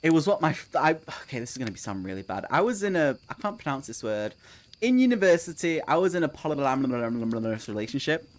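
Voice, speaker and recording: Lively, giggly book streamer chatting live. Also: mid-range voice, brisk. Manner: laughs often, swears freely, answers chat messages. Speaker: book streamer hosting a reading sprint. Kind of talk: casual live-stream chat.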